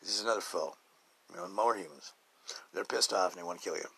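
A man hosting a casual spiritual podcast monologue, rambling and chuckling often, dropping to hushed murmurs and then jumping to loud bursts. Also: low-pitched, quick pace, gravelly, husky, poor audio. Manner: chuckles often between thoughts. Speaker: podcast host.

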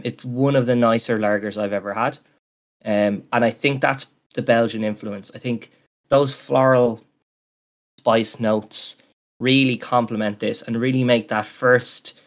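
A man's voice: mid-range voice, steady tone, a little slow. A man co-hosting a podcast, talking in a rambling, enthusiastic way with many fillers. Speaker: podcast co-host. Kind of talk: casual chat.

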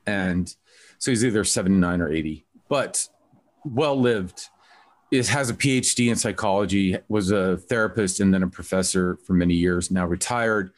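Man, interview host, casual chat, rambling storyteller, somewhat low voice. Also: moderate pace.

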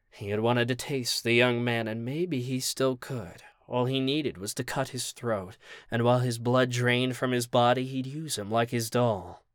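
A man reading a story aloud as a podcast narrator, in a steady, measured way. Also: mid-range voice, no room sound, clean studio sound.

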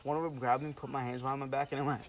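A man's voice: medium pitch, very fast, rough recording. Young man telling a wild profane story. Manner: profane, animated storytelling with laughs. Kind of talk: casual chat.

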